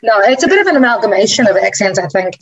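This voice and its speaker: A woman's voice: mid-range voice, expressive, quick pace, muffled recording, over a noisy crowd. A woman from New Zealand with a Kiwi accent tinged with American, a musician guest telling stories in a radio interview with frequent restarts. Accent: New Zealand with slight American twang. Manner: warm conversational storytelling with frequent restarts.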